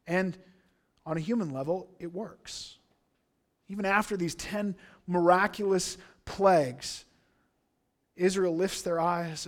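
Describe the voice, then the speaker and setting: Pastor, male, higher-pitched voice; earnest, emphatic sermon delivery, dropping to hushed asides and then rising. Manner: earnest, emphatic preaching with swings from hushed to loud.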